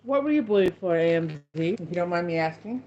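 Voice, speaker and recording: A woman hosts a casual chat with viewers, rambling through a story with many restarts. Her fairly low, mellow voice is animated, and she talks fast. The lo-fi recording sounds dull.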